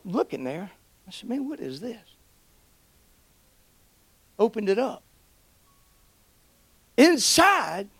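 A middle-aged man, preaching an animated testimony, shouting praise and quoting conversations. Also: very high voice, vocal fry, dry recording. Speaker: guest preacher. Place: church.

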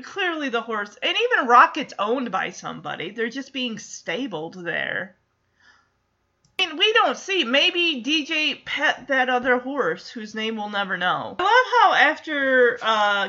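A woman's voice: high-pitched, sing-song, unhurried, pushed and bright, lo-fi sound. A woman chatting wryly through an episode recap, laughing often and acting out quotes.

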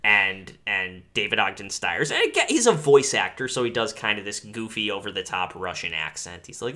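A man recaps a movie on a podcast in a loose, profane way. His voice is bright and lively, and his pitch rises and falls constantly. He keeps dropping into silly impressions of the characters. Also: brisk, hardly any pauses. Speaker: podcast co-host. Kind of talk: casual chat recapping a movie.

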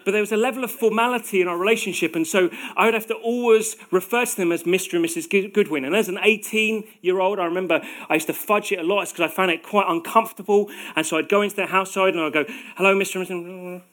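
A man's voice: sits high, quick pace, few pauses, a bit bright. A man in his forties preaching a sermon in a conversational way, with self-deprecating humor.

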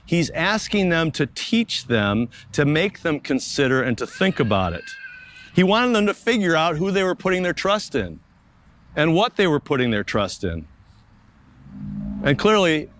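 A young man preaching a sermon outdoors in a park. His voice sits a little high for a man, and he talks earnestly, stretching out key words with slow pauses. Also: a bit bright, a little hiss or hum. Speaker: pastor.

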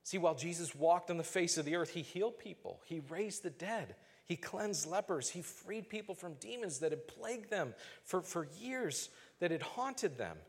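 A man preaching a sermon as pastor, earnest and measured, slowing down to stress key phrases. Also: sits high, expressive, breathy edge, in a large hall.

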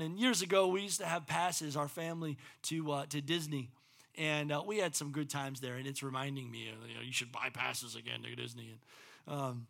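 A middle-aged pastor delivering a sermon, swinging from loud, intense preaching to quiet, personal storytelling. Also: male voice, on the high side, vocal fry.

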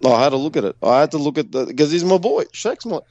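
Brief: Australian male podcast co-host, lively sweary storyteller, dry close recording. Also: on the high side, quick pace, no echo, lo-fi sound. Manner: animated, profane, storytelling. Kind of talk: casual sweary banter.

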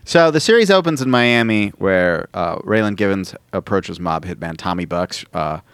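A man hosting a podcast in casual chat, an animated storyteller who drops into quick voices for the people he quotes. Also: sits low, clean tone, no echo. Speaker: podcast host.

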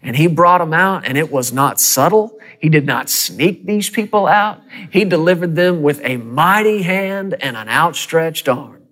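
A man preaching a sermon with a slightly high voice. He speaks in an animated style, surging into quick excited runs and then falling to near-whispers. His delivery is dramatic. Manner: animated preaching with quick bursts and sudden drops to a hush. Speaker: pastor.

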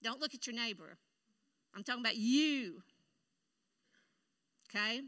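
A woman delivers a sermon in a church. Her voice sits high and rings very bright. She preaches with emphatic, animated energy and drops quick asides to the congregation. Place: church sanctuary.

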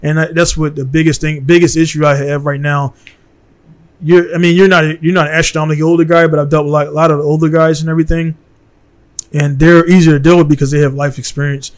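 Blunt, heated man, slightly high voice. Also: flat delivery, fast. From Baltimore, USA. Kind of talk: casual podcast conversation. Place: podcast studio.

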